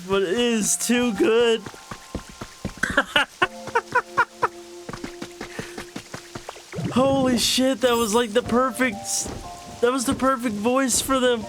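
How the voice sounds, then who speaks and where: A young adult man streaming gameplay live, excitable and loud with laughter and swearing. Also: very high voice.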